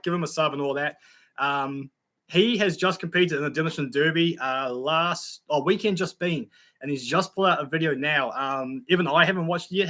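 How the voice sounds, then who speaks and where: A man's voice: a little high, bright, forceful tone. A young Australian man hosting a casual live stream, chatting in a friendly way with many fillers and greeting viewers by name. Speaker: YouTube channel host reading live chat.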